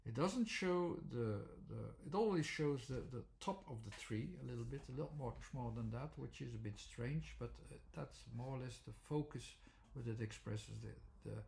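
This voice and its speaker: Guy explaining stuff slowly, lots of uhs, bit of gravel in the voice. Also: medium pitch, darkish tone. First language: Dutch. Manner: halting, many fillers and restarts. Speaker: teacher. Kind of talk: unscripted explanatory talk.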